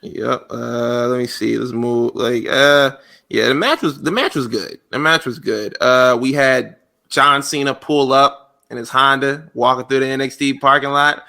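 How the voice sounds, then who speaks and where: Podcast co-host: a man with a bright, mid-pitched voice, loose and profane, given to quick impressions. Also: creaky. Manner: profane, animated, does quick impressions of others. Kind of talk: casual chat.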